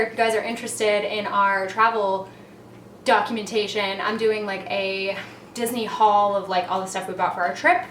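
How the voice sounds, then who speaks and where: A woman chatting casually to her vlog camera in her home kitchen, rambling and often trailing off soft and quiet. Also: mid-range voice, normal speed, a little hiss or hum. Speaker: cleaning vlogger. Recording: echoey kitchen, mic at a distance.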